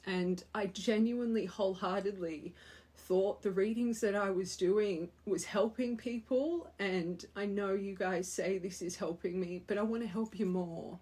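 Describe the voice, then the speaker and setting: A woman's voice: medium pitch, measured pace, a little mellow, breathy edge. A young woman giving a spiritual tarot reading to her viewers, earnest and emotional, often repeating phrases for emphasis. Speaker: tarot reader.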